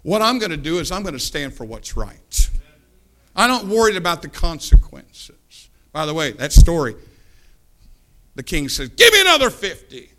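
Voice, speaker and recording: A man preaching a sermon, fervent, swinging from low asides to loud climaxes and acting out Bible characters as he tells the stories. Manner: acts out Bible characters in the telling.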